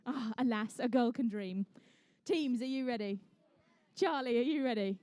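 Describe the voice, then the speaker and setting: A woman's voice: a little high, moderate pace, dark tone, clear, resonant tone, no room sound. A young woman emceeing a live competition, chatty and jokey with the teams as she calls the action. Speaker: event emcee and commentator. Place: indoor conference venue.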